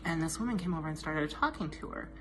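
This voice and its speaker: A dog groomer telling a heartfelt, self-deprecating anecdote in a personal tribute message. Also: female voice, sits low, expressive, fast talker, background noise.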